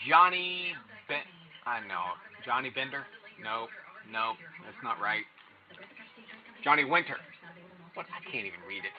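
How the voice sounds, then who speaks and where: A man's voice: mid-range voice, expressive, measured pace, long pauses, highs cut off, a little hiss or hum. A man hosting a live online record sale, chatting casually, greeting viewers by name and ranting in exasperation. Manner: chatty, reads viewer names aloud, exasperated rants. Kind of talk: casual livestream chat.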